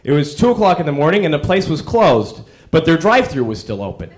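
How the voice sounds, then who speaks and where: A man doing a stand-up comedy routine, acting out quick character bits to a live crowd. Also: fairly high pitch, big pitch swings. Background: audience laughter.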